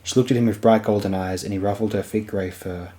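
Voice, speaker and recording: A man narrating a fantasy novel as an audiobook in a steady storytelling manner. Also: on the low side, quick pace.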